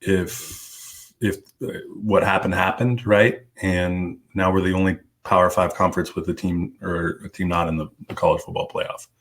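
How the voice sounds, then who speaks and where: Deep-voiced laid-back sports podcaster. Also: male voice, level tone, normal speed, few pauses, fairly bright tone, a little hiss or hum. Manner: laid-back, laughs often, talks in restarts. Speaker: podcast co-host. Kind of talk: casual sports chat. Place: studio, live stream.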